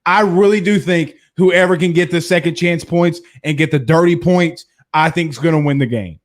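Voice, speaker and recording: Blunt, higher-pitched man hosting sports talk. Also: moderate pace. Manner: blunt and opinionated, with frequent restarts and laughs. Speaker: sports talk show host. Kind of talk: live-stream sports talk, reading viewer comments.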